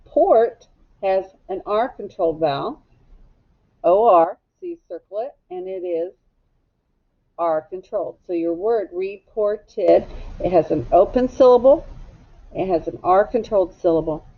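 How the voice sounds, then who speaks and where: Patiently sounding out one syllable at a time, a woman teacher moves through a phonics lesson at an unhurried, drawn-out pace. Her voice is medium-pitched and expressive, though the recording comes across a bit muffled and dull.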